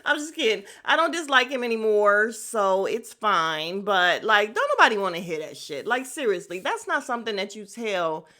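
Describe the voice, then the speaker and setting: A woman's voice: mid-range voice, big pitch swings, normal speed, hardly any pauses, bright, forceful tone. A woman hosting a podcast and recapping a reality show in casual chat. She is candid and blunt, swears freely, drifts into tangents and addresses her listeners directly. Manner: candid, gossipy and blunt, with frequent profanity; drifts into tangents and self-aware asides to listeners.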